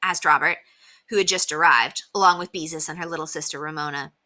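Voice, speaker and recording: A woman teacher reading a children's chapter book aloud in an expressive storytelling manner. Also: low voice, fairly quick.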